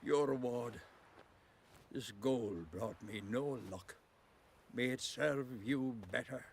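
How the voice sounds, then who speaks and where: A man's voice: medium pitch, slow pace, a little hiss or hum. An actor playing a weary, grieving old father in a video game, with a quavering voice.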